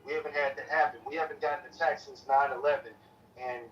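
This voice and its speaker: A man in a heated political argument, talking in a profane, repetitive way with lots of forceful restarts. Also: mid-range voice, fairly even intonation, fast. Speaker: debate participant. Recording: distant lo-fi stream audio with faint noise.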